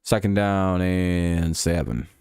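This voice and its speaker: His voice is deep and clean, his pace slow, and the studio recording has no echo. He hosts a live stream calling a football game, mixing laid-back play-by-play with casual, profane chatter with his viewers.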